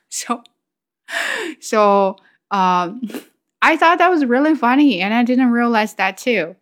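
A woman's voice: medium pitch, slow, fairly bright tone. Chatty woman imitating animal sounds. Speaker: vlogger. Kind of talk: casual chat about language and culture.

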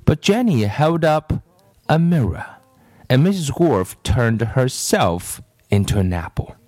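A man's voice: mid-range voice, very animated, slow pace, darkish tone, dry recording. A man reading a children's story aloud, in a storyteller's reading manner.

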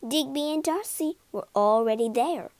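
A woman reading a children's story aloud in a playful, expressive way and voicing the characters. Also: high voice, normal speed, no room sound.

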